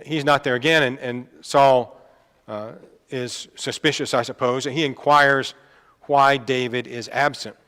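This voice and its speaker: A man's voice: mid-range voice, a bit bright. Man preaching in an echoing hall. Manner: conversational, with fillers and asides. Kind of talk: sermon. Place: church hall. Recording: long reverb of a church hall.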